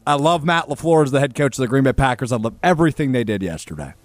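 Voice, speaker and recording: A man's voice: mid-range voice, animated, fast, soft background music. A man hosting a sports radio show, talking in an emphatic, opinionated and conversational way.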